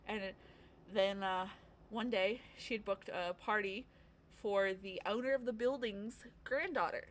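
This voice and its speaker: A woman's voice: medium pitch, unhurried. Woman, livestreamer, casual storytelling, candid and chatty, casual swearing, mid-range voice, faint background noise.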